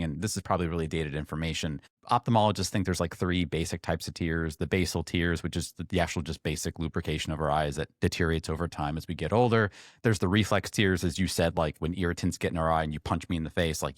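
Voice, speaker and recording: A man's voice: low voice, no echo, studio quality. A man co-hosting a podcast, asking curious follow-up questions in casual chat. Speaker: podcast co-host.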